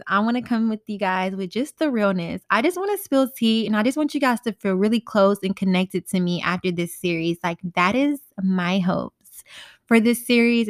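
A woman's voice: mid-range voice, no echo, studio quality. A young woman in her twenties hosting a casual storytime podcast from her bedroom, talking candidly in slangy, profane speech. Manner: candid, slangy and profane, animated quoted voices. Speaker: podcast host.

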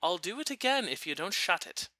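A man's voice: high voice, very animated, brisk, pushed and bright, voice pushed up, exaggerated voice. A man putting on the voice of his feisty elderly Irish grandmother as he tells a story. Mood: curt.

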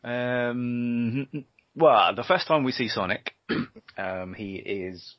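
A man's voice: medium pitch, extremely slow, dry recording. A man co-hosting a casual podcast, sarcastic and sweary, often breaking into laughter. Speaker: podcast co-host. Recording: dull lo-fi dry recording.

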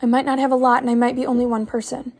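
A woman's voice: high-pitched, level tone, racing, darkish tone, breathy edge. A young woman, a stay-at-home mom, giving an earnest, preachy faith-based motivational talk full of rhetorical questions as a podcast host.

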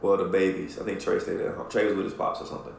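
A man on a podcast telling a long, profane story in a casual, animated way, acting out what people said. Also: deep voice, racing, gravelly, a little hiss or hum. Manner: animated, profane storyteller who acts out quotes. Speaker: podcast co-host. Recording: echoey room with faint ambience.

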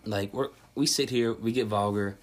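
A young man hosting a casual podcast, rambling and swearing through animated chat among friends. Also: lowish voice, moderate pace. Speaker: podcast host.

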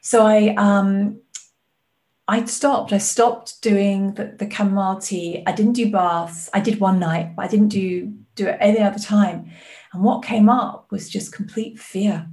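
A woman guest on a podcast, a life coach talking in an animated, earnest way. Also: medium pitch, a little slow. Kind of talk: podcast conversation.

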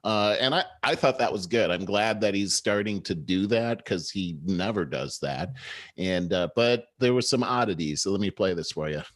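Low-voiced man chatting as host. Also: animated, normal speed, dry recording. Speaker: show host. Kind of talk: casual political commentary.

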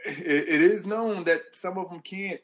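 A man's voice: high-pitched, unhurried, fairly bright tone. A young man hosting a podcast, joking crudely and mocking people in quoted voices. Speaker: podcast host. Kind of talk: casual chat.

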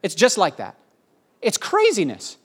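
A middle-aged man delivers a sermon in a quick, animated way. His voice sits fairly high for a man, and he often breaks into playful asides. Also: breathy edge. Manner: animated, fast-talking, jokey asides. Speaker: pastor.

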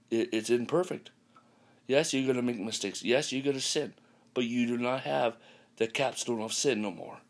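A man preaching a podcast sermon, repeating lines and dropping in hallelujahs and amens, often halting with ums and restarts. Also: mid-range voice. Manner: repetitive, peppered with hallelujahs and amens.

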